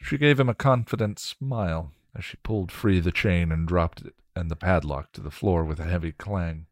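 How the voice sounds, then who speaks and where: Male story reader, deep voice, measured delivery, dry recording. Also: no echo. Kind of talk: reading a story aloud.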